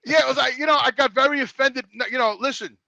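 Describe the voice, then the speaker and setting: Middle-aged New man, high and bright-voiced, foul-mouthed comic storyteller. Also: steady tone, fast talker, vocal fry, highs cut off, a little hiss or hum. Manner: swears constantly, rising to indignant outbursts. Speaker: show regular, storyteller. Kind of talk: profane comedic storytelling.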